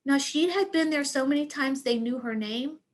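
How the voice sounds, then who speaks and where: Animated woman telling a true story. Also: sits high, normal speed. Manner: animated, acts out quoted dialogue. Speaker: speaker sharing a work experience. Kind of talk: personal storytelling.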